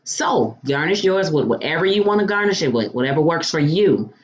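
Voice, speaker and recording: A woman's voice: low-pitched, animated, fairly quick, highs cut off, a little hiss or hum. A woman hosting a home cooking demonstration, chatty and playful, calling viewers honey and baby. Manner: playful food exclamations. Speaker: cooking show host.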